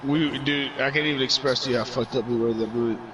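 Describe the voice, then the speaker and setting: Fast-talking rambling male streamer, off-mic. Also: mid-range voice, steady tone, background noise. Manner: rambling, heavy filler words and cursing. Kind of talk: casual storytelling. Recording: voice somewhat far from mic.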